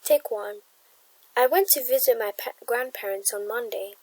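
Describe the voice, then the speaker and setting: A woman explaining grammar worksheet questions, halting and correcting herself, sometimes dropping to a soft whisper. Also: a little high, no room sound, low-quality recording. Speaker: grammar tutor.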